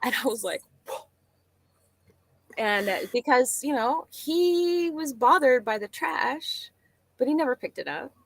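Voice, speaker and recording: A woman guest chatting casually, telling a story and acting out the dialogue in lively voices. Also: high-pitched, a little slow, long pauses, no echo. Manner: animated, acts out quoted dialogue.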